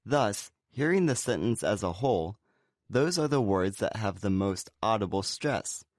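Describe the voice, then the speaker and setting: A man co-presenting a scripted pronunciation lesson, explaining in a relaxed way and saying example words slowly and clearly. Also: on the low side, no echo, clean studio sound. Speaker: pronunciation teacher.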